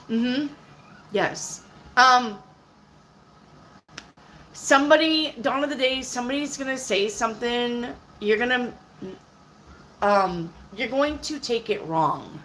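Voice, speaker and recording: A woman giving casual live-stream tarot readings. She answers viewers' questions out loud and keeps checking in with "okay?", clearing her throat now and then. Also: fairly high pitch, animated, takes it slowly, pauses often, slight background noise, poor audio. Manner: chatty, checks in with "okay?" and "all right?" often; reads viewer questions aloud and answers them. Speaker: tarot reader.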